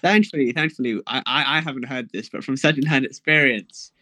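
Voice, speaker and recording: A man's voice: mid-range voice, a little fast, pushed and bright, no room sound. Young guy rambling and joking on a panel, dry close sound. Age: young adult. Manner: rambling and jokey, mock self-righteous. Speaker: improv panelist. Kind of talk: casual chat.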